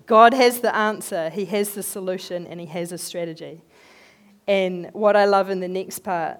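A woman giving a conversational sermon, telling animated, chatty stories in an everyday voice. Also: fairly low pitch, normal speed. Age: adult, working as a head teacher. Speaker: lay speaker giving a talk.

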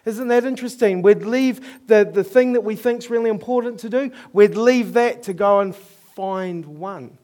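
High-voiced New Zealand preacher. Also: male voice, moderate pace, few pauses, darkish tone. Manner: earnest, chuckles at his own stories. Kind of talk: storytelling sermon.

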